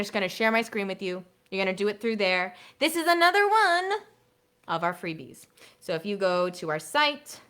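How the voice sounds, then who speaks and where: A woman music teacher leading a live online workshop for other teachers, chatty and playful, dropping to a soft hushed voice to demonstrate classroom routines through a computer mic. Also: medium pitch.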